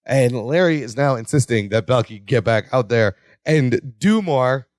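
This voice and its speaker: A man's voice: a little slow, no room sound, studio quality. A man co-hosting a podcast, recapping a sitcom episode and jumping into character voices as he tells it. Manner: animated storytelling, jumps into high character voices. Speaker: podcast co-host. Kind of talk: casual sitcom recap chat.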